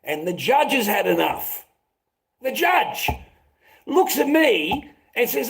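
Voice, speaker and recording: A man's voice: very high-pitched, big pitch swings, slow, gravelly, a bit bright, poor audio. A middle-aged man ranting on a casual livestream, swearing a lot, his voice climbing when he gets worked up. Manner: agitated, swearing, voice rising when upset.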